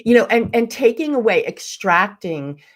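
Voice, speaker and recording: A woman's voice: a little high, big pitch swings, moderate pace. A middle-aged woman, a guest on a podcast, telling her personal story in an earnest, emphatic way with vivid detail. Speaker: intuitive mentor and podcast guest.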